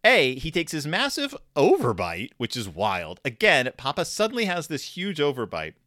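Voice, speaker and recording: A man's voice: a little high, wildly swooping pitch, moderate pace, pushed and bright, no echo, clean studio sound. A man giving comedic commentary while reviewing a storybook, with a wry, jokey storytelling manner. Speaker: host reviewing a scratch-and-sniff storybook.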